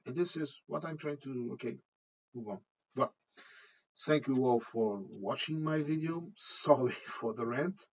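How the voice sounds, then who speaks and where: A man's voice: mid-range voice, measured pace, muffled recording, a little hiss or hum. A man talking to camera in a rambling personal monologue, often repeating "okay?". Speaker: vlogger.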